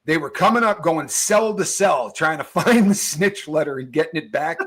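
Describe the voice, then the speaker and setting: A middle-aged man who tells stories with lively energy and laughs through his sentences. His voice sits fairly high for a man, and he talks in loose slang as a show host. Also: normal speed, slightly rough. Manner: animated storyteller, laughs mid-sentence, slangy. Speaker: podcast host. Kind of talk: casual storytelling chat.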